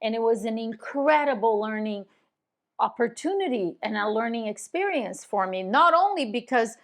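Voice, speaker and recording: Confident woman coaching, slightly high voice. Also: lively intonation, normal speed. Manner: confident, emphatic, demonstrates tone with sudden pitch jumps. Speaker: real estate coach. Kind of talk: instructional video talk.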